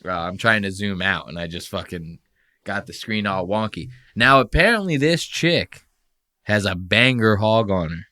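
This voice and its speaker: Profane, animated male podcast host. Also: fairly low pitch, normal speed. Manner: profane, animated, mocking impressions. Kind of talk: casual commentary reacting to clips.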